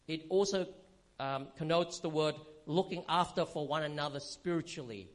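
A man teaching from the pulpit in a relaxed, conversational sermon style. His voice sits a little high for a man, and he keeps checking in with the congregation as he explains. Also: normal speed. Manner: conversational, frequent "okay?" check-ins and fillers. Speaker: pastor.

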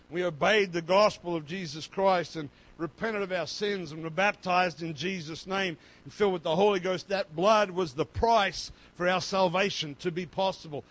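A pastor delivers a sermon, moving back and forth between loud, fervent passages and quiet, low stretches. The audio quality is poor.

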